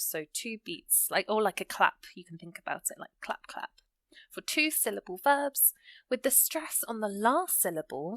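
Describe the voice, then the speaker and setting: A woman explaining English grammar in a calm, patient way, at an ordinary middle pitch. She slows down to read her example sentences and leans on the words that matter. The sound is close and dry. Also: no room sound. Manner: patient, reads example sentences slowly and stresses key words.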